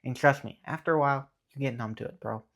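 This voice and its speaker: A man's voice: medium pitch, fast, fairly bright tone. Earnest young man preaching to camera. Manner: earnest, preachy, says "okay" often. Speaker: Christian YouTuber. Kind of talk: casual faith talk to camera.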